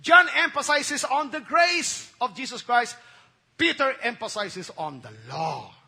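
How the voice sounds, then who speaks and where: A male pastor preaching a sermon. He mixes English with Tagalog, repeats words, keeps asking the congregation "Okay?" and "Amen?", and swings between loud bursts and hushed asides. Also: very high-pitched, expressive, a little slow, gravelly. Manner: emphatic preaching with sudden loud bursts and dropped near-whispers.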